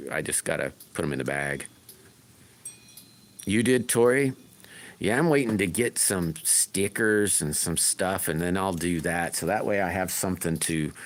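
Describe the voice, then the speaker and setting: Recording on a phone outdoors with his farm animals, a man hosts a relaxed livestream in a low-pitched, slightly bright voice. He rambles and often trails off partway through sentences.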